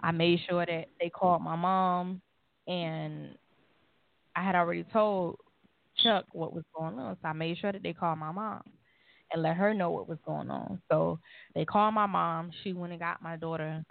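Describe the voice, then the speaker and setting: A woman on a call-in talk show telling a personal story in an animated way, acting out the voices in it. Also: fairly low pitch, normal speed, creaky, no echo. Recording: phone-line call.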